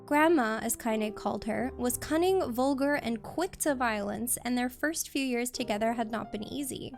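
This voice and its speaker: A woman streamer reading a novel aloud in steady storybook narration. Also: a little high, normal speed, creaky, soft background music.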